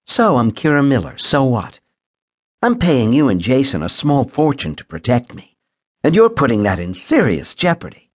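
A man voicing a sharp-tongued, defiant woman client in an audiobook, speaking snappishly and indignantly. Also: medium pitch, wildly swooping pitch, normal speed, voice pushed up.

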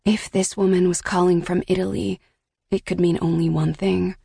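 Low, gravelly woman narrating an audiobook. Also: little pitch movement, dark tone, no echo. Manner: measured, reflective storytelling. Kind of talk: scripted first-person audiobook narration.

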